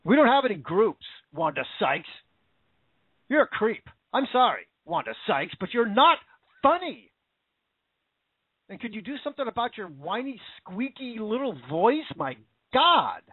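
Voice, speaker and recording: A man's voice: high-pitched, very animated, a little slow, breathy edge, no echo. An American man giving an indignant, repetitive political opinion rant. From United States. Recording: dry, phone-like narrow audio.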